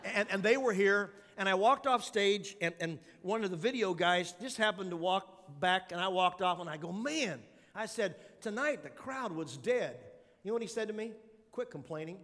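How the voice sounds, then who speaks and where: A man with a high voice preaches a sermon, working through numbered points and tossing questions out to the congregation. His voice rings with the long reverb of a big church hall. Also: lively intonation, moderate pace, fairly bright tone. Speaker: pastor. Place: large church auditorium.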